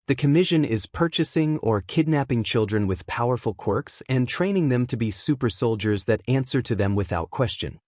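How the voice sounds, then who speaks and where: A man voicing a tired, blunt male hero-teacher and protective father who speaks in a flat monotone. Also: mid-range voice, no echo, studio quality, lightly acted.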